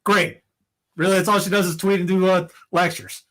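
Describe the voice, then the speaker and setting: A man's voice: high-pitched, flat delivery, moderate pace, a bit bright. A man co-hosting a podcast, talking in a rambling, heated way with many restarts and fillers. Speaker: podcast co-host. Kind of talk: casual opinion chat.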